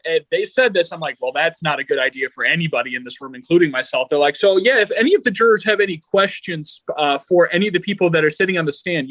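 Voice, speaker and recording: A man's voice: high voice, no echo. A man co-hosting a podcast, telling stories in casual banter and acting out quotes with frequent laughter. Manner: laughing, animated storytelling with acted-out quotes. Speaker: podcast co-host.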